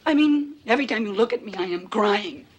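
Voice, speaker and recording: An actress playing an anxious, suspicious middle-aged wife in a sitcom, shrill and accusing, swinging to teary. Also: female voice, lively intonation, brisk, slightly rough, dull audio. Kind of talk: sitcom acting before a studio audience.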